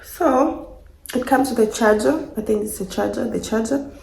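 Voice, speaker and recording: Emotional young woman with a gravelly voice. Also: fairly high pitch, moderate pace, a little mellow. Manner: emotional, gushing, repeats herself. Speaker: vlogger. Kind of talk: casual vlog, unboxing gifts. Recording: echoey room, faint noise.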